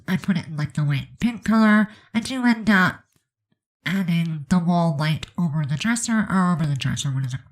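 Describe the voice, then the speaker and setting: A woman's voice: on the low side, rough recording. A woman with a stuffed-up, congested voice giving a chatty, rambling voice-over commentary on a game build. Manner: chatty, rambling, many fillers.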